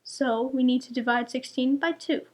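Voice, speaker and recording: A woman's voice: high-pitched, fairly even intonation, moderate pace. A young woman tutoring math to young students, patiently explaining each step and checking her answers.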